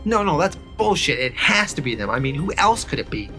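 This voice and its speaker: A man voicing a cocky, short-fused male superhero from a comic. His tone is bright and sharp, and he whines and argues to get his way. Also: a little high, sing-song, a little fast, faint music behind, full character voice. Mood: angry. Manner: defensive, pleading then angry. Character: brash hotheaded male superhero, cocky and whiny.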